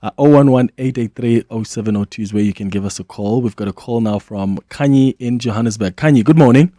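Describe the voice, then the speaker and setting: Low-voiced radio host. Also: male voice, fairly quick, warm tone, no room sound, studio quality. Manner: attentive, frequent affirmations. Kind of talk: radio interview hosting. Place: radio studio. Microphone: studio microphone.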